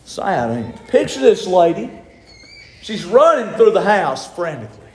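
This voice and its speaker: A man preaching a sermon, impassioned and rising to shouts. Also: high voice, sing-song, normal speed. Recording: echoey room.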